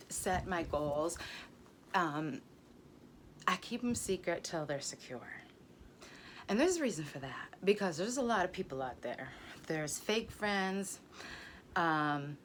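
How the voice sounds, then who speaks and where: A woman's voice: lowish voice, a bit bright, slight background noise. A middle-aged woman, a nurse, chatting casually to camera in a blunt, profane, joking way. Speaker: ER nurse vlogger. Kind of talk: casual vlog chat.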